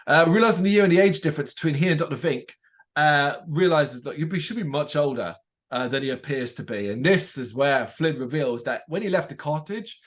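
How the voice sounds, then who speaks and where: Animated man recapping a show. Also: a little high. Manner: animated retelling, acts out quotes. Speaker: podcast co-host. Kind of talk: casual episode recap.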